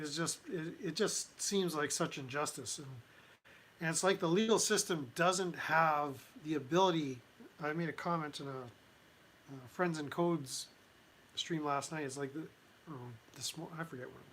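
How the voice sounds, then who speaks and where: A man hosting a casual commentary livestream, talking in a halting way with many restarts and fillers. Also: on the high side, fairly bright tone, slight background noise. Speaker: livestream host.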